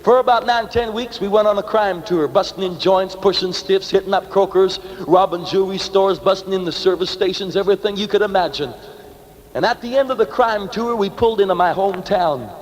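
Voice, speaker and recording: A man's voice: high voice, a little fast. A young man telling his life story as an evangelist's testimony, vivid and dramatic, full of slang. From Canada. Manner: vivid, slangy street talk, acting out the dialogue. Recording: reverberant hall on an old vinyl record.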